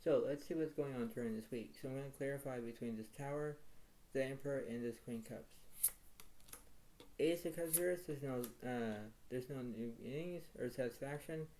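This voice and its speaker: A man's voice: mid-range voice, normal speed, dark tone, a little hiss or hum, poor audio. A man giving a weekly tarot reading, rambling and repeating himself as he names each card. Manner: rambling, repetitive, filler-heavy.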